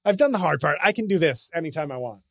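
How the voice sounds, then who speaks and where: A man with a slightly high voice hosting a comedy podcast, sarcastic and ranting with a self-mocking streak. He is recorded dry and close on a studio mic. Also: expressive, fast, vocal fry, no room sound. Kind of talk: casual comedy podcast chat.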